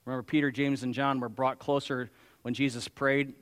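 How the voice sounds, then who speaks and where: A man's voice: medium pitch, level tone, brisk. Emphatic preacher man in reverberant hall. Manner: emphatic preaching, rising to loud exclamations and dropping to quiet asides. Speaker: pastor. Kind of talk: sermon.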